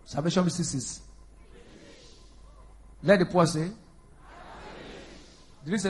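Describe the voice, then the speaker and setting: A man preaching a sermon, calling out to the congregation and rising to loud, emphatic bursts. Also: fairly high pitch, slow pace, long pauses, a little hiss or hum. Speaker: pastor.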